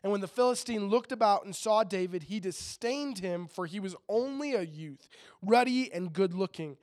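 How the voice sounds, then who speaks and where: High-voiced man preaching casually. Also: normal speed, a little mellow. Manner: chatty, jokey asides to the audience. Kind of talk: casual sermon with scripture reading.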